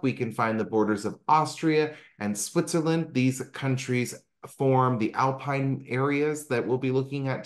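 A man from Canada giving a chatty travel presentation over a video call, with many fillers and self-corrections. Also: mid-range voice. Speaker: travel agent presenting a travel talk. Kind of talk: online presentation. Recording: echoey room.

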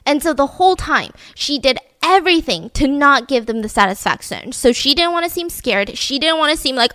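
A young woman with a somewhat high voice narrates a true-crime case as a podcast host, loose and conversational, full of fillers and pointed asides. Her voice comes across close and dry on a studio mic, with no room sound around it. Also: lively intonation, brisk, hardly any pauses, a bit bright, no room sound. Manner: chatty, filler-heavy, emphatic asides. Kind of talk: casual true-crime storytelling.

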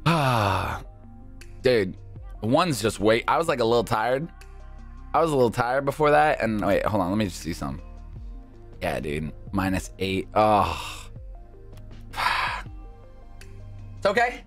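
A man hosting a gaming video, giving live gameplay commentary in an excitable way that jumps from calm chatter to high yelps. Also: measured pace, pauses often, soft background music.

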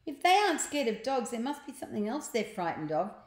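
A woman doing an eager young boy, a bit higher. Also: sing-song, fast talker, roomy sound. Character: eager young boy, brave and quick-thinking.

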